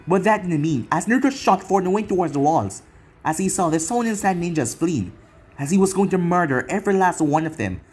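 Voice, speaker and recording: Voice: medium pitch, expressive, brisk, a little mellow, slightly rough. A narrator reading an action fan fiction story in long run-on sentences. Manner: run-on storytelling with a casual aside to viewers.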